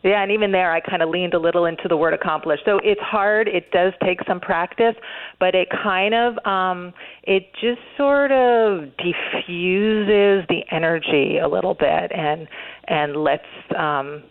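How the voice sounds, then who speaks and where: A woman's voice: on the low side, steady tone, a little slow. A woman being interviewed, talking earnestly with many fillers and restarts. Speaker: interview guest, author. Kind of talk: radio interview, conversational. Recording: phone-line interview audio.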